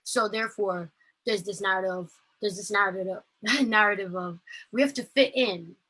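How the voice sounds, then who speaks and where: A woman's voice: mid-range voice, normal speed, pushed and bright, rough recording. A woman, giving earnest, impassioned personal testimony over a video call. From Ireland. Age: late teens. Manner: earnest, impassioned, filler-heavy storytelling. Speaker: protest speaker.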